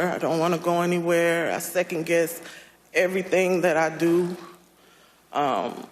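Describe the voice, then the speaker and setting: Woman testifying slow and halting, upset, lots of pauses, big echoey hall. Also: on the low side. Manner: halting, soft-spoken, many pauses and restarts. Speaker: former election worker giving testimony. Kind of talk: emotional testimony.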